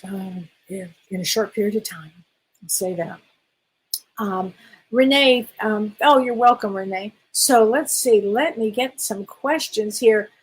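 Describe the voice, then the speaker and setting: A woman's voice: medium pitch, husky, poor audio. A middle-aged woman, a spiritual medium, hosts a casual live-stream question session, reading viewers' comments aloud and calling them honey. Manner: warm, affectionate, calls viewers honey, reads out comments.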